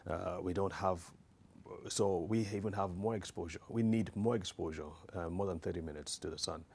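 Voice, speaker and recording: A man's voice: low-pitched, normal speed, vocal fry, a little mellow, husky. A man giving an informal educational health talk, earnest and hesitant with frequent restarts and fillers.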